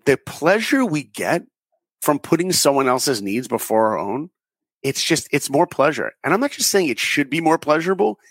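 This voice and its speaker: A man in his forties, an interview guest who tells animated stories and acts out the dialogue in them. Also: a little high, moderate pace, no room sound. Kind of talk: conversational storytelling.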